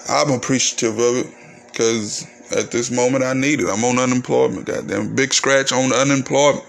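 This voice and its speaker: A man's voice: mid-range voice, fairly even intonation, normal speed, vocal fry. Candid, ranting male podcast host. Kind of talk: casual solo podcast monologue.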